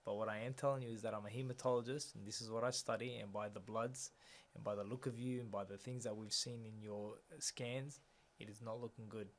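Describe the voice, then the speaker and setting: A young man telling a personal story as a guest in a conversation, speaking quietly and reflectively, often letting his voice drop softer. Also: fairly low pitch, fairly even intonation, brisk, hardly any pauses. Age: young adult.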